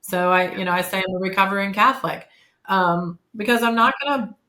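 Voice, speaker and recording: A woman's voice: medium pitch, brisk, bright, forceful tone. A woman in her fifties, a guest on a podcast interview, speaking candidly and chattily with frequent fillers and self-corrections. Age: 50s. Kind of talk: casual conversational interview. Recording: echoey room.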